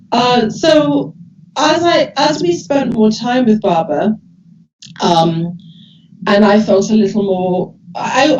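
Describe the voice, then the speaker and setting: Older woman telling stories on a video call; mellow tone, halting and warm-paced, slightly muffled line. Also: medium pitch. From England. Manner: gentle, hesitant, many restarts and fillers. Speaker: guest speaker sharing memories. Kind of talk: casual storytelling over video call.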